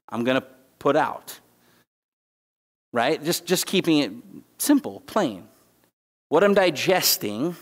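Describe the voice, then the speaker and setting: A man preaching a sermon as guest speaker, talking conversationally and emphatically, with asides and restarts. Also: mid-range voice. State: holding back tears. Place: church sanctuary. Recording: church hall reverb.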